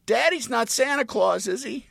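A distraught ten-year-old girl wails in a high, tearful voice, as a man puts her on. Her lively voice jumps about as she frets. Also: moderate pace, vocal fry, no room sound, clean studio sound, heavily acted. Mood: tearful, upset.

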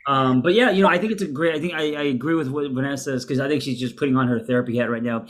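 A man's voice: medium pitch, rapid-fire. A man co-hosting a relationship podcast, talking through advice in a loose, casual way. He hesitates often, circling back with "um" and restarts before landing his point. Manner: relaxed, hesitant with fillers and restarts. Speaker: podcast co-host.

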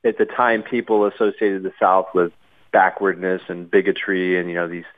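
A low-voiced man speaks down a tinny phone line, narrow and thin. He is an author answering interview questions, thinking aloud and restarting phrases often. He sounds explanatory and unhurried. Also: flat delivery. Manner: thoughtful, many restarts and you-knows.

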